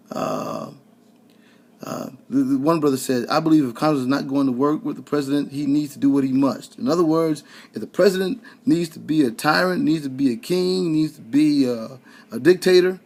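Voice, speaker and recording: Husky, heated man ranting sarcastically. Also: on the high side, a little mellow. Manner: sarcastic, heated, stammering repeats; addresses listeners directly, colloquial. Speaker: commentator. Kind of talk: ranting political commentary.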